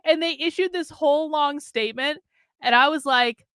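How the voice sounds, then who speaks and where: A woman hosts a political commentary livestream a few beers in, casual, profane, and sarcastic. She's animated and mocking, her voice sitting high at a moderate pace, with a clean studio sound and no room echo.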